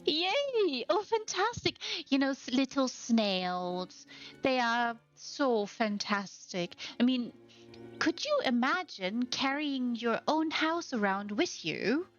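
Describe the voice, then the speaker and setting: Slow, slightly high, and lively in intonation, a woman's voice gushes with affection and admiration as she hosts a game housing showcase over a gameplay tour. Faint music plays behind slightly muffled audio.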